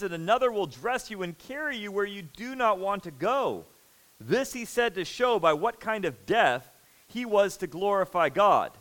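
A man preaching a sermon, earnest and emphatic, moving between loud stress and hushed intensity. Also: high-pitched, poor audio. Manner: earnest, emphatic, repeats words when stressing a point.

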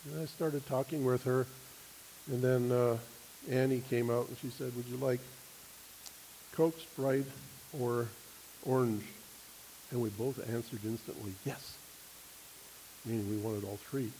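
A man preaching a sermon, telling a personal story with an animated manner and acting out other people's voices. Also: mid-range voice, a little slow, pauses often, slight background noise, rough recording.

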